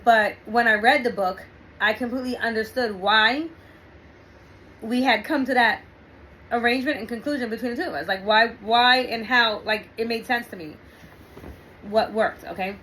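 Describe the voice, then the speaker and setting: A middle-aged woman hosting a relationship talk, telling a personal story in a chatty, animated way with frequent laughs and fillers. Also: on the high side, normal speed, a little hiss or hum, poor audio. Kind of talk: casual storytelling monologue.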